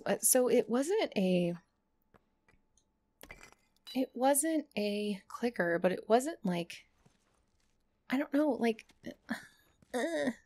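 A woman streamer commentating a first playthrough of a video game, excitable with many exclamations. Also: on the low side. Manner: excitable, frequent exclamations and whispers. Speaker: gaming streamer. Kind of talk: let's play commentary.

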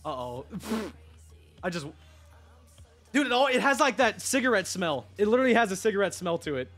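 A young man chatting on a live stream, rambling excitedly, swearing and talking to his chat. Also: sits high, moderate pace, faint music behind.

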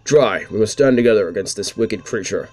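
A man's voice: on the low side, a little fast, darkish tone, faint music behind, lightly acted. A man doing a solemn old musician. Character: old male musician, earnest and solemn ally.

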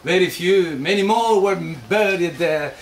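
An actor playing a medieval friar jester who mocks a warlike crowd with theatrical praise and sudden shouts. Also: male voice, high voice, unhurried, a little hiss or hum. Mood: rousing. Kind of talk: one-man stage performance.

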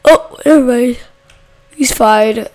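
A woman hosting a gaming channel, giving casual let's-play commentary, chatting to her viewers and yelling at game characters. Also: fairly high pitch, takes it slowly.

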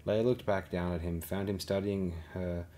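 A man reading a novel aloud as an audiobook narrator, in a steady, even way. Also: low voice, moderate pace, slight background noise. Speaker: audiobook reader.

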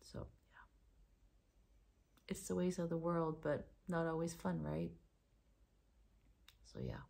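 A middle-aged Danish woman with a slight American tinge to her accent, rambling excitedly in a casual knitting vlog. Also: low voice, a little slow, vocal fry, pauses often, husky. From Denmark. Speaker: knitting vlogger. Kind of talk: casual chat.

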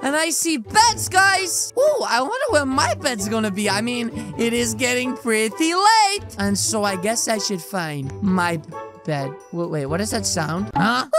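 A woman hosting a role-play gameplay video, chatty and excitable, calling viewers guys. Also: fairly high pitch, measured pace. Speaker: gaming video host. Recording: game music behind.

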